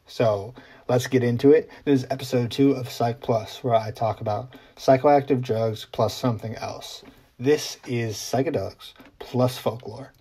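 A man talks straight to camera as host of his own explainer vlog. His voice is mellow and warm at an ordinary middle pitch. He keeps it chatty, with ums and little asides. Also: steady tone, a little slow, breathy edge. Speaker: journalist host.

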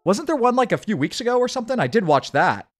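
A man hurriedly commenting on a live racing game stream and chatting with his viewers. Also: sits high. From United States. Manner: hurried, excitable, chats with viewers.

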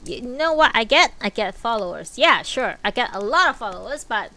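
A woman streamer chatting casually on a live stream, blunt and dry, swearing freely and low on energy. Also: lively intonation, moderate pace, hardly any pauses, sharp tone.

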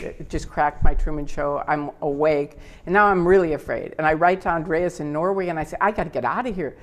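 An older woman as an interview guest, telling her personal story with feeling, sometimes tearful and acting out what others said. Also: on the low side. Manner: animated, tearful at times, acts out quotes.

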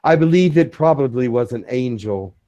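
A man channeling a spiritual message to a small community, speaking in a measured, solemn way. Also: medium pitch, animated, mellow, dull audio.

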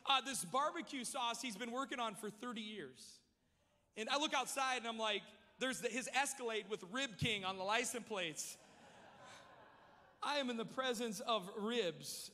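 A man preaching a sermon, telling a humorous story with lively energy in a large church. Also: very high-pitched, long reverb tail. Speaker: pastor.

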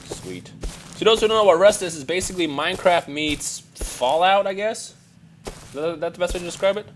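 A young man hosting gameplay commentary, loud and excitable, often yelling at other players over a headset mic. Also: high-pitched, a little fast, a little hiss or hum. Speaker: gameplay host.

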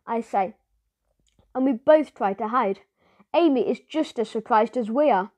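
A woman with a high voice narrating a children's audiobook in a lively first-person manner. The recording is dry and close, with no room sound. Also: a little slow, dry recording.

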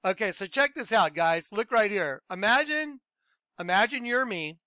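A man hosting a religious video, talking in an emphatic, excitable way and repeating his points. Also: high-pitched, normal speed, no echo. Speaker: Christian video host.

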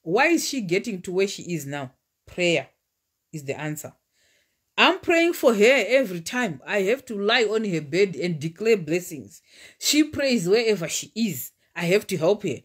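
A woman's voice: mid-range voice, sing-song, moderate pace, breathy edge. A woman, preaching and sharing testimony in fervent, repetitive declarations. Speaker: preacher and relationship coach. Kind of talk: livestream sermon with personal testimony.

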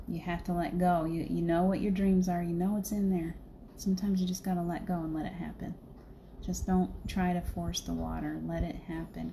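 A woman's voice: lowish voice, dark tone, slight background noise. A middle-aged woman hosting a livestream, telling a spiritual story in a chatty way and laughing often. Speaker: livestream host. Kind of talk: casual spiritual chat.

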